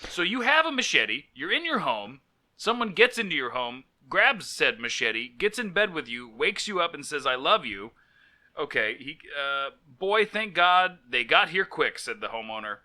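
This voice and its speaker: A man's voice: on the high side, very animated, normal speed, pushed and bright. A man co-hosting a comedy podcast, reading out strange news stories and joking about them. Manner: reads news stories aloud, breaks into jokey voices and laughter. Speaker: podcast co-host. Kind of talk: casual comedic chat.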